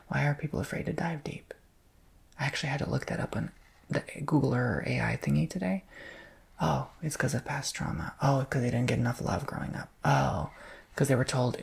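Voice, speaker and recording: A man hosting an ASMR channel, talking in a soft, rambling, emotional way that slips into whispers, often asking "you know what I'm saying?". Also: mid-range voice, vocal fry. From Macedonian-American family. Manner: drifts between soft talk and whispers. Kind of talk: soft-spoken ASMR chat.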